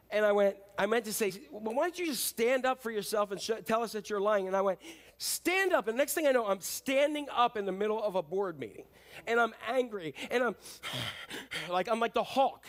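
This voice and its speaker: Man, middle-aged, pastor; slightly high voice, animated storytelling sermon full of ums. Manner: animated, acts out quotes, frequent ums. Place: church sanctuary.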